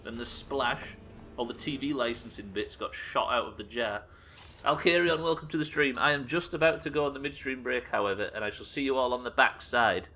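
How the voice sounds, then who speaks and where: A man streaming a game live, talking excitably, swearing often and thanking viewers as he plays. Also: medium pitch, a little fast, a little hiss or hum. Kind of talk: live gameplay commentary.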